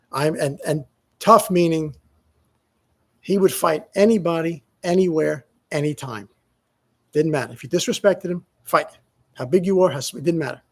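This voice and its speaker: A middle-aged man with a husky, slightly breathy voice, pitched a bit high for a man. He tells stories loosely, stopping and restarting his sentences as he goes. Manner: rambling, halting with many restarts. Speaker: vlogger. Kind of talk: casual storytelling monologue.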